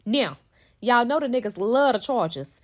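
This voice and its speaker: A woman with a high, bright-sounding voice rolls through a personal story in a casual storytime. She tells it with animated, profane drama and swears freely. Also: normal speed.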